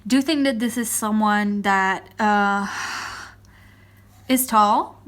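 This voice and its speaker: A woman's voice: medium pitch, takes it slowly. A woman giving a casual pick-a-card tarot reading, chatty and a little awkward on camera, who keeps repeating "I do think" with many fillers. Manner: first time on camera, a bit awkward.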